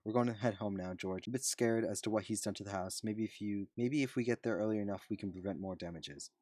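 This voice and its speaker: A man's voice: lowish voice, quick pace, darkish tone, dry recording, clean studio sound, natural voice. A man voicing a young British man who is polite and wry, read aloud from a story.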